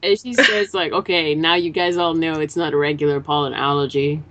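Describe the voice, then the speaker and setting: A woman's voice: low-pitched, fairly even intonation, a little fast, heavy background noise. A woman in a casual podcast chat, recapping a manga chapter and acting out the characters' lines as she swears casually. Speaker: podcast co-host.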